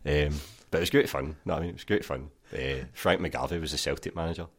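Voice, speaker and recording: A Scottish man in his thirties with an extremely deep voice. He chats loosely as a guest, drifting through stories with plenty of fillers. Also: quick pace. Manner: rambling anecdotes full of fillers and "mate". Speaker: podcast guest. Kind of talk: casual chat.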